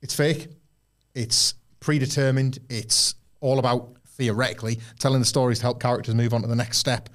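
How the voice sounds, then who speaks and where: A man in casual podcast chat with a mid-range voice. He rambles, restarts his sentences and slips into quick acted-out quotes. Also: medium pitch, fairly even intonation. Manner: rambling, self-interrupting, acts out quotes. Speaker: podcast co-host.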